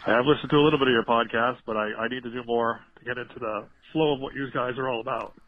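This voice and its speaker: A man's voice: mid-range voice, steady tone, fast talker, slight background noise. A man leaving a rambling, jokey voicemail for a podcast, coughing now and then. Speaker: caller. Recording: dull lo-fi voicemail playback.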